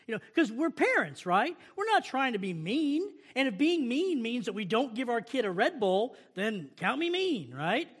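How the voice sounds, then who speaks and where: A man preaching a sermon in a notably high voice. He keeps it conversational, asking the congregation question after question and acting out their protests before answering them. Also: sing-song, normal speed, hardly any pauses, a bit bright, breathy edge. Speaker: pastor.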